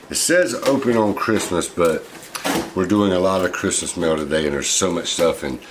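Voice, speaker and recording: A man hosting a pet vlog, chatting playfully and coaxingly with his pet while opening mail at home. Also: lowish voice. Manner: playful, coaxing, chuckles often. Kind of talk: casual chat with a pet while unboxing. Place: home living room. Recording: noisy home video.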